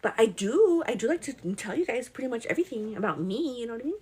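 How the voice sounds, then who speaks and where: Young woman live-stream host, pregnant, chatty and warm with her viewers, slightly high voice. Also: animated, fast, slightly rough. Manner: chatty and affectionate, calls viewers "girl". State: pregnant with twins. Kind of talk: casual chat reading live comments.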